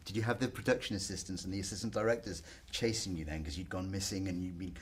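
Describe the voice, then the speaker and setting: Deep-voiced man interviewing. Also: steady tone, quick pace, background noise. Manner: friendly, chatty, with filler hesitations. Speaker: film interviewer. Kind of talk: casual interview.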